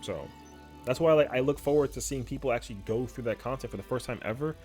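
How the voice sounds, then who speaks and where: Young male streamer, casual and slangy, mid-pitched voice, light music bed. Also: fast talker. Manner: slangy, animated storytelling. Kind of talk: casual chat.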